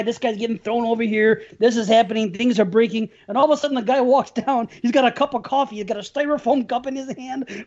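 Male movie podcast co-host, foul-mouthed and giggly, mid voice, lo-fi sound. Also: extremely high pitch. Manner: profane, laughing, animated storyteller. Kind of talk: casual movie review chat.

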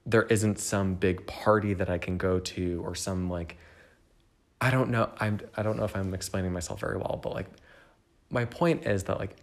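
Man, young adult, somewhat low voice, solo podcast host, rambling, candid, filler words, talks to listener, at home. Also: steady tone, moderate pace. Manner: addresses the listener directly. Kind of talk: casual solo reflection.

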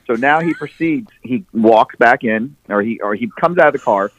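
A man's voice: mid-range voice, animated, normal speed, few pauses, a bit bright, no room sound, rough recording. A man guest on a podcast telling a long story casually, profane and restarting often.

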